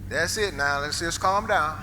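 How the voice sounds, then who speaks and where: A man's voice: a little high, unhurried, sharp tone, a little hiss or hum. A man playing a patient, plain-spoken older chauffeur on stage. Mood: indignant. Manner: plain-spoken, dialect speech, firm and coaxing. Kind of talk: live stage play. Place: theater stage. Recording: stage play in a reverberant auditorium.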